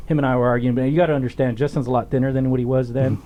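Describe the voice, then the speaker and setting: A middle-aged man hosting a podcast interview, telling stories in a blunt, profane, animated way. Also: mid-range voice, racing, dull audio, a little hiss or hum. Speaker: podcast host, former police officer. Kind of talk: casual storytelling interview.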